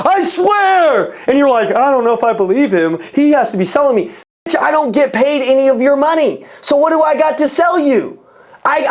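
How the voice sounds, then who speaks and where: A man coaching a sales team over a video call, talking bluntly and with profanity in a fired-up motivational style. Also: high voice. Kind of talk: motivational sales training talk.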